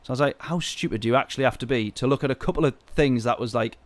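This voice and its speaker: Male streamer, mid pitch, casual rant with loud bursts. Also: racing, dry recording. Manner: ranting, exasperated storytelling with sudden loud outbursts. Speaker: sim-racing streamer. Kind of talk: casual live-stream chat.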